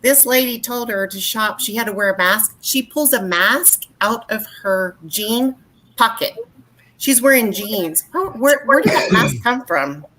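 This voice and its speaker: A woman, co-hosting a podcast and telling stories in an indignant, animated way. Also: on the high side, a little slow, a little hiss or hum. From West Texas. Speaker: podcast co-host. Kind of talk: casual chat.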